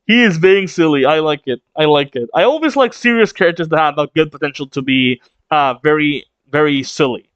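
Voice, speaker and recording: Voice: medium pitch, brisk, no room sound, highs cut off. A streamer reading manga live and reacting in a chatty, opinionated way, laughing often.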